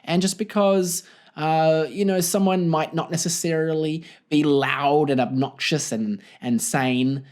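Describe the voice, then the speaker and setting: A young man with a New Zealand accent hosting a solo comedic podcast, expressive, animated and self-deprecating. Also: a little high. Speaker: podcast host.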